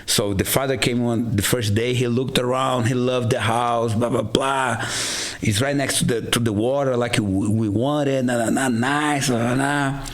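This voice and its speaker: A man's voice: medium pitch, normal speed, hardly any pauses. A man from Rio de Janeiro with a Brazilian Portuguese accent, a guest on a casual podcast, telling a story with lots of "blah, blah" and acted-out dialogue. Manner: animated storyteller, acts out dialogue, fills with "blah, blah". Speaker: guest, jiujitsu instructor. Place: garage podcast studio.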